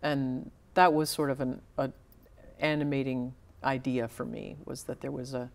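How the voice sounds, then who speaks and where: A woman with a notably low voice talks about her writing in a relaxed interview. She is reflective and unhurried in thought, pausing and restarting as she searches for the right words, with a grounded conversational delivery. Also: gravelly. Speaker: novelist guest.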